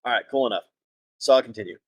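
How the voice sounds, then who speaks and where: A man playing a tabletop game, speaking in hammy, over-the-top flowery flattery as his character. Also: medium pitch, very fast, breathy edge, no echo.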